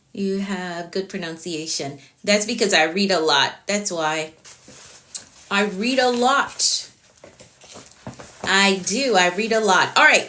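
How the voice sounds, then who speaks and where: Jamaican lady coach on a live stream, bright voice, keeps repeating herself and reading out the comments. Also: medium pitch. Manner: chatty, repeats herself, answers comments as they come. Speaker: productivity coach.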